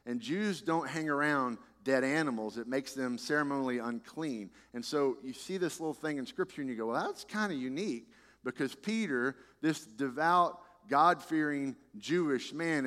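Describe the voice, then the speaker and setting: A man preaching a sermon as a pastor, talking in a conversational, animated way with frequent restarts. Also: mid-range voice, long reverb tail.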